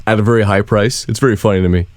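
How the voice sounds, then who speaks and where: A man co-hosting a casual comedy podcast, animated, laughing often and swearing freely. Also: fairly low pitch, rapid-fire, no room sound. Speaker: podcast co-host.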